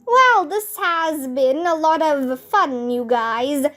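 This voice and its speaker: A woman's voice: high voice, lively intonation, takes it slowly, bright, forceful tone, full character voice. Woman reading a breezy eccentric inventor lady. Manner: chirpy, announcing.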